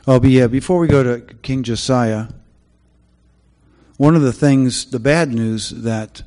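A man giving a sermon, opening with prayer and then telling Bible stories in a halting way with many fillers. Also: mid-range voice, dark tone, long reverb tail. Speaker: preacher.

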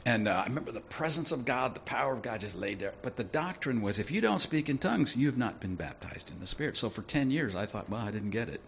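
A man preaching a sermon in a lively, conversational way, often asking his listeners questions. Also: mid-range voice, fast, vocal fry, hardly any pauses, slight background noise. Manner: animated, conversational, asks the audience questions.

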